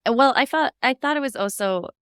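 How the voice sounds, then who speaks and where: A woman's voice: high-pitched, lively intonation, brisk, a bit bright, clear, resonant tone, no room sound, clean studio sound. A woman co-hosting a paranormal TV recap podcast, talking casually and going through her notes at length. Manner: rambling, recounts notes at length. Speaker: podcast co-host.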